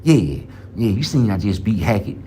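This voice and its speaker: A man voicing a gruff father who barks orders and threats at his grown son. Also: on the low side, big pitch swings, moderate pace, dark tone, slight background noise. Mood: scolding. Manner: barking, bossy, street slang.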